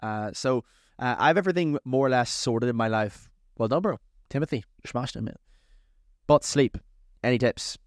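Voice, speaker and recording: A man hosting a casual advice podcast as a coach, talking in an energetic, chatty, motivational way. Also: mid-range voice, moderate pace, no echo, clean studio sound.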